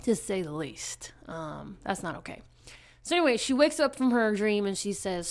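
A woman casually recapping a horror comic in chat, animated, dropping into quick character voices with lots of fillers. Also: mid-range voice. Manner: chatty, lots of fillers and restarts. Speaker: podcast co-host recapping a comic.

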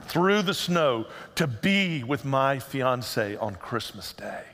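A man's voice: medium pitch, big pitch swings, takes it slowly, fairly bright tone, in a large hall. A middle-aged male pastor delivering a sermon in a conversational, humorous storytelling manner.

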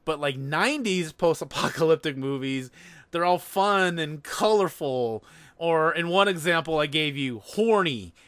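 A man's voice: a little high, animated, unhurried, a bit bright, no echo. A man hosting a podcast, chatting casually about a movie, rambling with lots of fillers and laughs. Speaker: podcast host. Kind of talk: casual movie-review chat.

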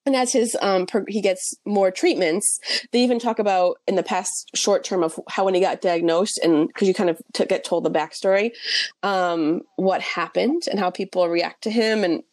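A woman's voice: mid-range voice, steady tone, moderate pace, a little mellow, dry recording. A young woman co-hosting a book podcast, chatting animatedly with lots of fillers and self-mocking asides. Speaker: podcast co-host reviewing books. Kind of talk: casual chat.

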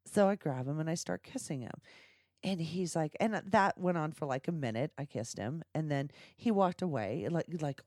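Lowish voiced woman host, crude and frank, laughs a lot, dry close mic. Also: expressive, normal speed, a little mellow, no room sound. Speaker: podcast host. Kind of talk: crude casual chat.

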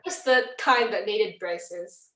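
A woman guest telling lively, self-mocking stories in a casual chat over a video call. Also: mid-range voice, takes it slowly. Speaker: interview guest. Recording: echoey distant video-call audio.

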